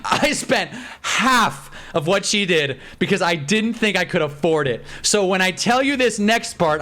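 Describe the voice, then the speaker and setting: Animated young man with a high voice. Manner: animated and exasperated, swears freely, rambles with restarts. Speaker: live streamer. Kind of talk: casual storytelling while gaming on stream.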